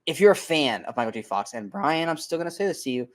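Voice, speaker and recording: A man co-hosting a casual movie review podcast, talking in an animated, emphatic way, swearing freely and tripping over his words. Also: a little high, fast. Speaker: podcast co-host.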